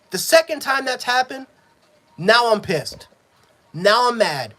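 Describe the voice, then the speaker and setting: A man giving a live sports reaction, frustrated and profane, swinging between yelling and low muttering. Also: big pitch swings, slow. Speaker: sports fan streamer.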